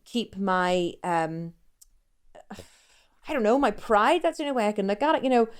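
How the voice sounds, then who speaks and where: A woman in her forties speaks in a candid, confessional vlog. She rambles and keeps cutting herself off mid-thought. Her voice is smooth and clear, at a middling pitch. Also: very animated, moderate pace. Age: 40s. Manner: rambling, confessional, self-interrupting. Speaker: fitness coach and vlogger.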